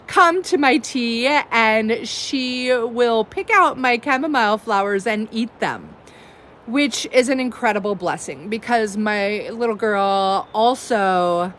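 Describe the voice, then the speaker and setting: A woman in her thirties chats in a casual, effusive way, filling her talk with "like" and "um". Her voice sits a little high. A faint hiss of background noise stays behind her. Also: lively intonation, slow pace, fairly bright tone. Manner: chatty and effusive, many likes and ums. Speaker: herbalist host. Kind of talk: casual livestream chat.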